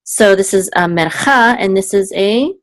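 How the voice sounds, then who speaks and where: A woman teaching a student one-on-one in a casual, patient way, explaining step by step, checking in often and singing out syllables as examples. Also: no echo. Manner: sings syllables higher and slower as examples. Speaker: Hebrew cantillation teacher.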